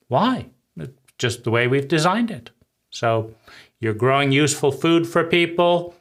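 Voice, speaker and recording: A man gives a reflective solo talk at an unhurried, measured pace. He keeps posing questions and answering them himself. His voice sits in an ordinary middle pitch. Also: pushed and bright. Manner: slow, deliberate, asks and answers his own questions. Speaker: host.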